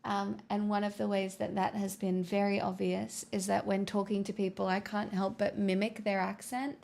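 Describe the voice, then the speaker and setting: A young woman with an Australian accent chatting to her live stream viewers, answering their comments in a flat, tired way with self-mocking jokes. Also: medium pitch, normal speed, creaky. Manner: flat, tired delivery with joking self-mockery. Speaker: livestreamer. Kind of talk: casual live chat reading comments.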